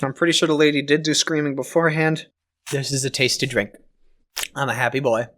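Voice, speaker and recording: A young man with a Canadian accent co-hosts a podcast in loose, casual chat. His voice sits at an ordinary middle pitch. He jokes around, swears freely and plays up mock exasperation. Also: steady tone, fairly quick, fairly bright tone. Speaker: podcast co-host.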